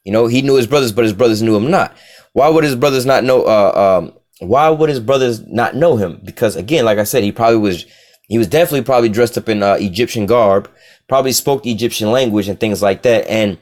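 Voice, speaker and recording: A man's voice: lowish voice, quick pace, darkish tone. A man teaching from the Bible in a loose, casual way, often saying "you know" and "all right".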